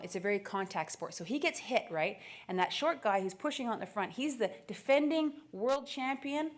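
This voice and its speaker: A woman in her thirties from Canada speaks from a conference stage in a middle-pitched voice. She tells her story with lively energy, laughing often and acting out the dialogue. Her delivery is a keynote address told like a personal anecdote. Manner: animated, laughing, acts out dialogue. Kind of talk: storytelling speech.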